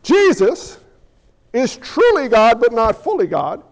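A man preaching a sermon as pastor in an animated, conversational way with jokey asides. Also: very high voice, slow, long reverb tail.

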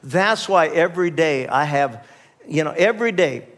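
A man's voice: a little high, expressive, normal speed, a bit bright. A male pastor preaching a conversational sermon, often restarting his sentences and calling on the congregation for responses.

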